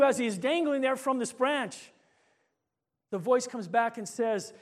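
Man, pastor, sermon, very high voice, storytelling, emphatic pauses. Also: expressive. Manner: storytelling preacher, slows for emphasis, rising to shouts in anecdotes.

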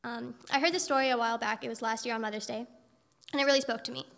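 Casting: a woman preaching, high and bright, with reassuring storytelling and echoey hall sound. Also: steady tone, very fast, vocal fry. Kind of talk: sermon.

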